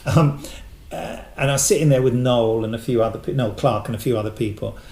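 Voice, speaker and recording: A man's voice: medium pitch, fairly quick. A man guesting on a podcast, chatting casually and telling anecdotes, often putting on the voices of people he quotes. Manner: chatty anecdotes, animated quoting of others. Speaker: guest, voice actor. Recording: echoey room.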